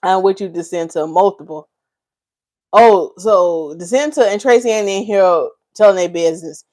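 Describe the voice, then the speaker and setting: This hair care livestream host, a North Carolina woman, jokes with viewers as she reads their comments aloud, laughing a lot. Her mid-range voice moves at a moderate pace, lively and full of Southern Black vernacular.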